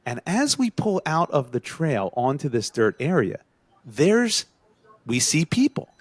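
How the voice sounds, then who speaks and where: With no room sound and a measured pace, this man co-hosts a podcast and shares a story with friends. He gets animated, voicing the quoted lines with his pitch climbing.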